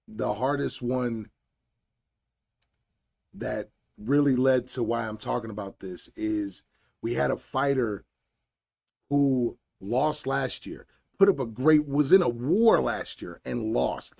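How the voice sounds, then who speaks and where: A man hosting a solo podcast, telling a coaching story in a blunt, animated, slangy way. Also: medium pitch, gravelly. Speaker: podcast host and fight coach.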